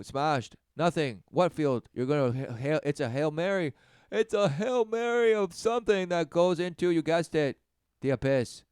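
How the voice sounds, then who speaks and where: A man preaches in a scornful rant and keeps slipping into high, mocking imitations of the people he scolds. His voice is very smooth and clear and sits fairly high for a man. The recording is dry and close. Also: animated, a little slow, darkish tone, dry recording. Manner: mocking, mimics others in high sarcastic voices. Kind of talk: sermon rant.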